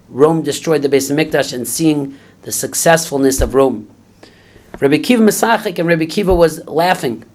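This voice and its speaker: A man gives a Talmud class. His voice sits a little high, and he works through the text phrase by phrase, first reading the original, then translating and explaining it. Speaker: Talmud teacher.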